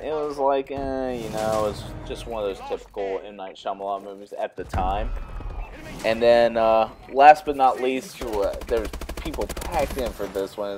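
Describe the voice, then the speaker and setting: A man's voice: mid-range voice, darkish tone. A young man vlogging, telling a funny personal story in a rambling, casual way with lots of fillers. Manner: rambling, filler-heavy, laughs while telling stories.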